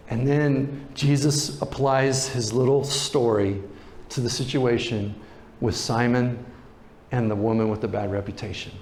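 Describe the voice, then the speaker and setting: A pastor preaching a sermon, retelling a story in a relaxed, conversational way. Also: male voice, mid-range voice, a little slow, echoey room, a little hiss or hum.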